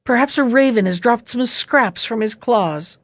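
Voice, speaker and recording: A woman voicing a huge, hungry male ogre who booms and demands in a fairy tale. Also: a little slow, no echo. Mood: gruff. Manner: booming and demanding.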